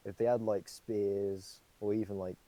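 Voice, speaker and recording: A man's voice: lowish voice, little pitch movement, unhurried, warm tone, rough recording. A young man co-hosting a podcast, rambling through casual chat with lots of fillers and swearing. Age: young adult. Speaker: podcast co-host.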